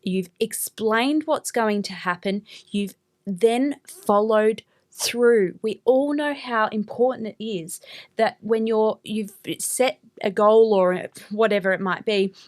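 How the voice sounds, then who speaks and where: A woman co-hosting a casual podcast, agreeable and chatty, with many short affirmations and some halting restarts. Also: medium pitch. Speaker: podcast co-host.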